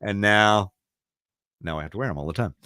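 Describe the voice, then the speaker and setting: A man's voice: lowish voice, fairly quick, pushed and bright, clean tone, no room sound, studio quality. A man in his fifties hosting a radio show, chatting casually and telling rambling stories with easy laughs. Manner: rambling storyteller, laughs easily, self-deprecating. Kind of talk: casual chat.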